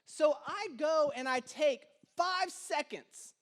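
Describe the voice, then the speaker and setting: A young male pastor with a notably high voice tells a family story with playful self-deprecating humor. He then slides into a rhythmic sermon cadence, repeating phrases as he builds. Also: slow, a bit bright.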